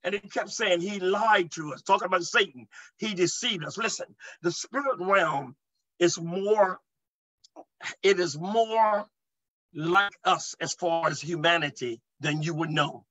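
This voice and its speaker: A man preaching to an online audience in a high, bright voice, emphatic and repetitive, often checking that his listeners are with him. He moves between relaxed asides and rising, forceful declarations. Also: measured pace, poor audio. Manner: emphatic, repeats "amen" and asks the audience to respond. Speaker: preacher, deliverance minister. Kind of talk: sermon teaching to an online audience.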